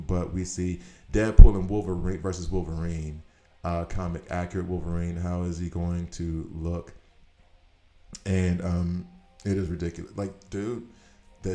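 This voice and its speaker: A man with a low, deep voice chats casually while playing a game and drifts into long, animated tangents. His voice rings in an echoey room. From United States. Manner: animated storyteller, rambling tangents. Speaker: gaming streamer. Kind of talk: casual chat while gaming.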